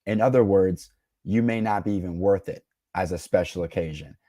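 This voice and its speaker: A man with a low, mellow, dark-toned voice gives dating advice in a cocky, slang-heavy way. He talks straight to his audience in a dry, close, dead-sounding room. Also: normal speed, dry recording. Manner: cocky, slangy, laughs at his own jokes. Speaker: dating coach reacting to a clip. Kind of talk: reaction commentary to camera.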